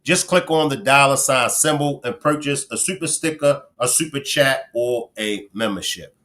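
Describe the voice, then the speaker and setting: Bright-voiced Baltimore man, chatty host. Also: mid-range voice, moderate pace. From Baltimore, Maryland. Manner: chatty, giving shout-outs to viewers. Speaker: livestream host. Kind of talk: casual livestream commentary.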